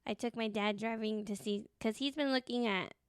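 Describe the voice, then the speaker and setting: A woman's voice: fairly high pitch, steady tone, normal speed, clean tone, no echo, studio quality. A woman co-hosting a casual podcast chat, giggly and loose, swearing freely. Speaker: podcast co-host.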